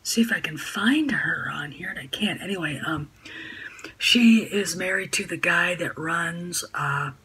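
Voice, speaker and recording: A woman's voice: lowish voice, a little slow, sharp tone, husky, poor audio. A woman talking to camera at home in a casual vlog, rambling and indignant, with many fillers and restarts. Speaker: YouTube vlogger. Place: home room by a sunny window.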